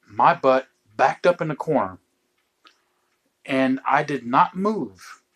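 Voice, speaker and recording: A middle-aged man telling true stories from home in a casual chat, with dry, deadpan joking asides. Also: mid-range voice, takes it slowly.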